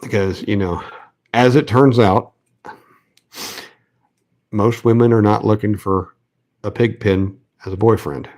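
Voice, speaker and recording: With a darkish, lowish voice and fairly even intonation, a Southern man unhurriedly chats while tying rigs for his fishing channel, pausing at length. He rambles, restarts often, leans on fillers, and runs himself down good-naturedly.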